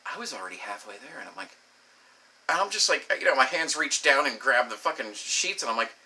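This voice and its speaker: A young man with a very bright, forward tone spins a profane comic story alone. His pitch swoops around a lot as he plays every part in his quotes himself. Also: a little fast. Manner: animated, profane, acts out voices in quotes. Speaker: comedic storyteller. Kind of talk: crude comedic monologue.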